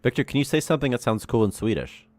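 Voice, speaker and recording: A man's voice: mid-range voice, animated, quick pace, darkish tone, no echo. A young man hosting a casual game development livestream, rambling and chatty and laughing often. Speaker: programmer and stream host.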